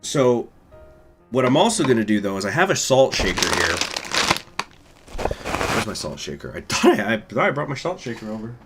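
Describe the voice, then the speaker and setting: A man's voice: lowish voice, big pitch swings, normal speed, long pauses, loud music behind the voice. A man hosting a gaming channel, chatting casually and rambling to his viewers in an offhand, profane way. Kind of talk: casual chat to live viewers.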